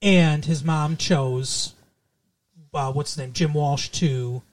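A man's voice: on the high side, slow pace. A man co-hosting a podcast in casual chat about a TV show, rambling and often trailing off and restarting mid-thought. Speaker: podcast co-host.

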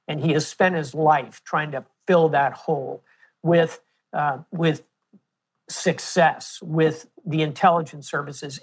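Man giving measured historical explanations. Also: a little high, breathy edge. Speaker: guest, political historian. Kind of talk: interview answer.

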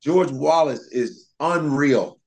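Animated male comedian telling stories. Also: fairly high pitch, takes it slowly, breathy edge. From Chicago comedy scene. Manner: animated storyteller, slips into impressions, laughs often. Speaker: comedian guest. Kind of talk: casual interview chat.

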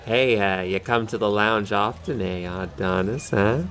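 A bashful young man, played by a man at a tabletop game stumbles through small talk. He speaks slowly and haltingly, with faint music in the background. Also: on the low side, close to an everyday voice. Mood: awkward. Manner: hesitant, halting, filler-heavy.

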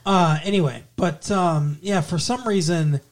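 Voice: mid-range voice, unhurried. A podcast co-host recapping a TV episode in casual, profane, rambling chat.

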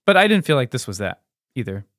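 A man with a gravelly, creaky voice talks through a casual film podcast in a thoughtful, measured way, hedging as he goes. His voice is close and dry. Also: mid-range voice, big pitch swings, fairly bright tone, dry recording. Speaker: podcast co-host.

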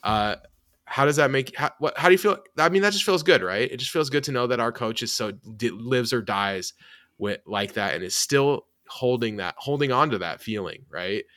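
A man hosting a sports podcast, talking casually and running the show; he is lively, trails off and laughs often. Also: medium pitch, normal speed, dry recording, clean studio sound. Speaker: podcast host.

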